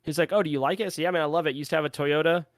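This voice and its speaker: Young male co-host, fairly high voice, dry close mic, animated storyteller who acts out others. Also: very fast, no room sound. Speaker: podcast co-host. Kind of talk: casual storytelling chat.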